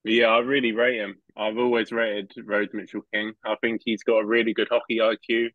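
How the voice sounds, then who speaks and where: A man co-hosting a sports podcast, talking in a steady, matter-of-fact way. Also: lowish voice, moderate pace, dry recording, narrow, tinny audio. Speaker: podcast co-host. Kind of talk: casual sports chat.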